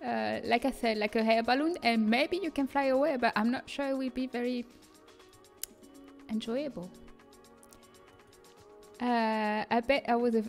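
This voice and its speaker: A French-accented young woman with a high, light voice walks viewers through a 3D design tool on a livestream. She chats easily, laughs often and breaks off to answer chat. Soft music plays faintly underneath. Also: a little slow, gravelly, long pauses. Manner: chatty, laughs often, reads chat aloud. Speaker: streamer teaching custom content. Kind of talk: casual livestream tutorial.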